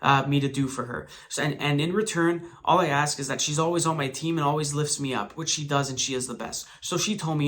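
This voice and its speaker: A man's voice: fairly high pitch, a little fast, fairly bright tone. A man telling a personal story in a vlog, earnest and emphatic, talking straight to his viewers. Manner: emphatic, swearing at times. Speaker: vlogger.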